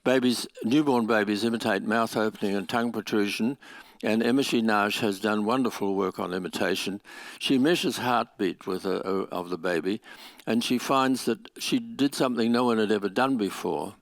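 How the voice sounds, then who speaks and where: A man lectures at an academic conference, explaining carefully and sometimes restarting his sentences. His voice sits fairly low. The sound is dry, with no room echo. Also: moderate pace. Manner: explanatory, with restarts and small laughs. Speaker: conference speaker. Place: lecture venue.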